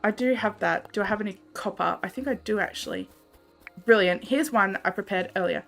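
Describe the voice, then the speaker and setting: A woman's voice: mid-range voice, brisk, gravelly, fairly bright tone, faint music behind. A young Australian woman chatting casually with her viewers while gaming on a livestream, laughing often and reading out chat messages. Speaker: streamer.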